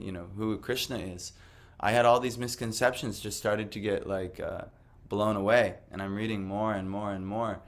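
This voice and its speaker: A man giving a casual personal testimony talk, rambling with lots of fillers and a self-amused tone. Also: on the low side. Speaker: devotional speaker.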